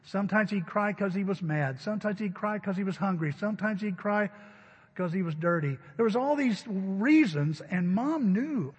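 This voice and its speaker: A man's voice: high voice, lively intonation, normal speed, a little mellow, slightly rough, long reverb tail. A middle-aged man preaching a sermon in a church, telling stories in a conversational way. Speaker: pastor. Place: church sanctuary.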